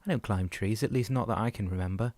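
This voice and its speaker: A man's voice: lowish voice, quick pace, a little mellow, no room sound, close to an everyday voice. A man reading the part of a confused, angry man waking in a hospital, speaking in a raised, demanding voice. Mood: agitated.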